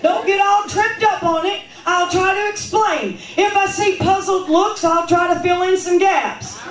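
A woman's voice: very high voice, steady tone, measured pace. A woman with a Kentucky accent preaching a sermon in a church, emphatic and playful, often questioning and teasing the congregation. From Kentucky, USA. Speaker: guest preacher. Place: church sanctuary. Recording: roomy church sound from a distance.

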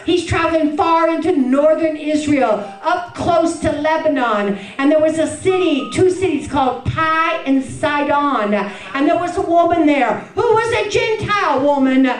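A woman's voice: high-pitched, a little slow, few pauses, soft background music. A woman preaching a fervent sermon to a women's gathering, rising into sing-song passages and dropping in frequent fillers. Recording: echoey room, voice from a distance.

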